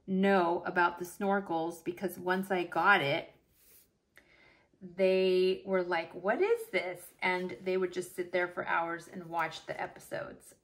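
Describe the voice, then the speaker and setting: A middle-aged woman chatting through a long personal story while decorating her planner at home, lively and casual, dropping to soft murmurs as she works. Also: on the low side. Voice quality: animated, chatty, drops to murmurs while working. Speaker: planner vlogger.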